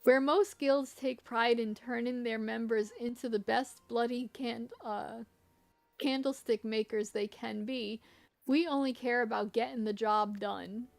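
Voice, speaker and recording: A woman reading aloud the lines of a gruff male rogue guild recruiter from a video game, in a rough, slangy tone. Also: a little high, fairly even intonation, a little slow, soft background music.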